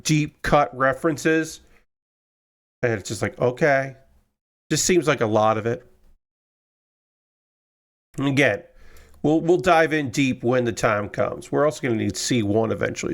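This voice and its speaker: Chatty man rambling on a live stream. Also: a little high. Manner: rambling, many fillers and restarts. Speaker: streamer building a model kit. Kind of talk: casual live-stream chat. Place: home room at a work table.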